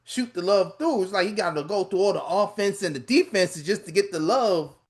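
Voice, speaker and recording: A man who tells stories in an animated way and agrees readily, talking as a podcast co-host. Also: high voice, a little fast. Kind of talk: casual podcast talk.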